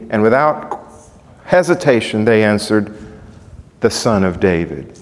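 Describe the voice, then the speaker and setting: Man preaching with dramatic rising shouts. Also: medium pitch, animated, unhurried. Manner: rising to loud dramatic shouts when quoting cries; asks the congregation rhetorical questions. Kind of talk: sermon. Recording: long hall reverb.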